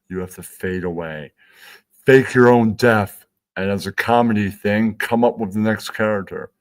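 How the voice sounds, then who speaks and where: A man hosting a stream, rambling through a crude, self-amused comedic monologue. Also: on the low side. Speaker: stream host.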